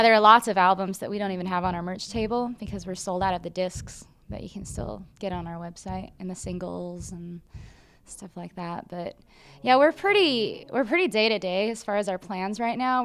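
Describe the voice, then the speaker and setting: A woman's voice: mid-range voice, moderate pace, a bit bright. A woman in a band, chatting and giggling through a casual interview. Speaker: band member. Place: backstage at a concert venue.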